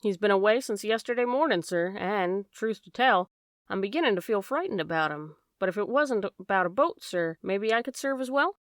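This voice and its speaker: A woman's voice: mid-range voice, lively intonation, moderate pace, no room sound, clean studio sound, close to an everyday voice. A woman voicing an anxious, chatty boatman's wife, in an audiobook. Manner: homely, dropped endings, worried run-on talk.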